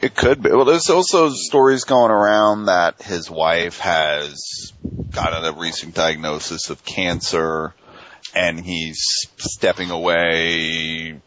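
A man's voice: low-pitched, fairly even intonation, takes it slowly, a bit bright, dry recording, muffled recording. A man hosting a casual wrestling talk show, asking rambling questions full of fillers. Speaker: podcast host.

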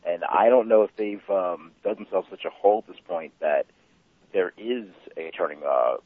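A man's voice: low voice, normal speed, no room sound. A man calling in to a wrestling talk show, giving hesitant opinions and repeating words. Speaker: co-host calling in. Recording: tinny phone line.

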